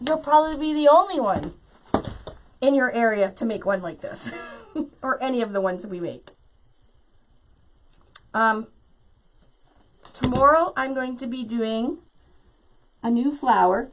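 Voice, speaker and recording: A woman's voice: high voice, expressive, unhurried, pauses often, a little hiss or hum, low-quality recording. Chatty woman hosting a craft tutorial. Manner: chatty, laughs often, talks to viewers directly.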